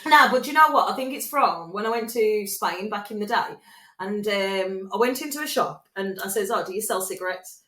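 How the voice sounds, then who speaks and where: Bright giggly woman. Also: mid-range voice, moderate pace. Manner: giggly, sweary, bursts into put-on accents. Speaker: podcast co-host. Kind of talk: casual chat. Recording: echoey room.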